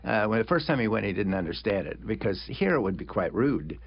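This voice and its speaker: An older American man speaks in a low, gravelly voice. He is an author in an interview, talking reflectively, halting and restarting often and chuckling now and then. The recording sounds dull and lo-fi. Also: big pitch swings, a little hiss or hum. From United States. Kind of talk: conversational interview.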